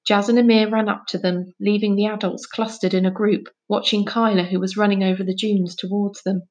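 A woman reading a children's novel aloud, narrating in a clear, steady way. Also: medium pitch, fairly quick. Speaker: audiobook reader. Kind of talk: storybook narration.

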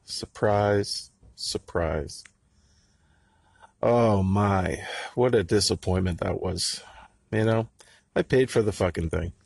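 A middle-aged man with a husky voice, ranting angrily and sarcastically with plenty of profanity in a podcast monologue. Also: low voice, a little slow, darkish tone, dry recording.

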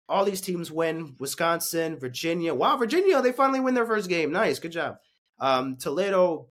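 A young man hosting a casual sports recap, ranting with lots of swearing, heated one moment and muttering in defeat the next. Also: fairly high pitch. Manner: ranting, profane, swings from heated to deflated mutters.

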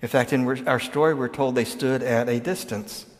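A man preaching a sermon, talking it through in a plain, conversational way with asides and restarts. His voice sits at an ordinary middle pitch and carries a long reverb from the church hall around him. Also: steady tone, normal speed. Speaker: pastor. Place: church sanctuary.

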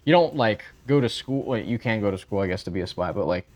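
A man's voice: lowish voice, animated, fast talker, darkish tone, a little hiss or hum. A man co-hosting a podcast, casually telling a history story with many fillers and frequent yeahs.

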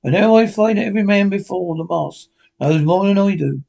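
A man's voice: high voice, fairly quick, creaky, a little mellow. A man voicing a blunt, stern male ship's captain in a classic novel read aloud, with clipped, firm speech and a few stumbles. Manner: clipped, firm, stumbling over some words.

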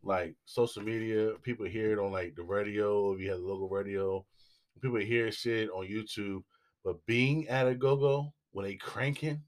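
A man co-hosting a casual podcast, loud and laughing, swearing freely. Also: on the low side, steady tone, moderate pace. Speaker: podcast co-host. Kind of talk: casual chat.

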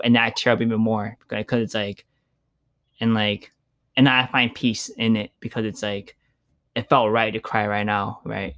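Laid-back guy, kinda low voice, rambling reflective chat w lots of likes. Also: flat delivery, moderate pace, pushed and bright. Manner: reflective, loose with filler words and swearing. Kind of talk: casual chat.

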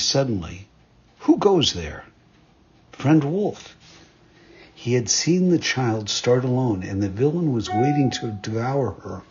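A man narrating a fairytale in a measured, expressive storytelling manner. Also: mid-range voice, slightly rough, highs cut off.

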